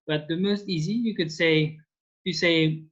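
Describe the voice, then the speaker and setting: French-accented male tutor, unhurried, dull call audio. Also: a little high, steady tone, fairly bright tone. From France. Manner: patient, slow explanations with many fillers. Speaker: language teacher. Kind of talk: online language lesson.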